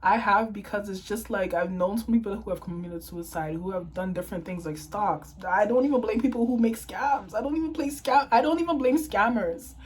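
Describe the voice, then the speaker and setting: A woman's voice: medium pitch, fairly quick, few pauses, slightly rough, poor audio. Young woman vlogging, teary and fired up, ranting hard and cursing. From Toronto, Canada. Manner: impassioned, ranting, swearing. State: tearful. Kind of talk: emotional to-camera monologue.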